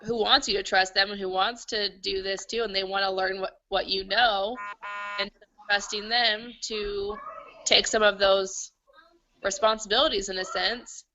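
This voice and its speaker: A woman's voice: mid-range voice, fairly even intonation, a little slow, bright, forceful tone, lo-fi sound, slight background noise. A woman in a team coaching group sharing her thoughts in a rambling way over a video call. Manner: rambling, with many fillers and restarts. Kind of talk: casual group discussion.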